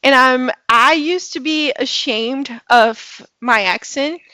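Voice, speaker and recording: A woman's voice: high-pitched, slow, bright, forceful tone, dry recording. A woman in her twenties from Brazil with a Brazilian Portuguese accent, a native Portuguese speaker, earnestly giving advice as an interview guest. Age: 20s. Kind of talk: casual interview answer.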